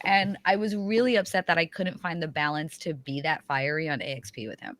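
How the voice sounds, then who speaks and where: A woman from New York, blunt and profane, telling animated stories in a casual video call chat. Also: on the low side, brisk, hardly any pauses.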